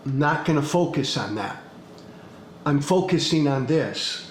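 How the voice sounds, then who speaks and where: A male podcast host delivers a political monologue in a slightly high voice, drawing out each word slowly and driving his point home through repetition. His blunt, profane delivery carries a faint hiss and an echo from the room. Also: expressive. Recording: echoey room with faint background noise.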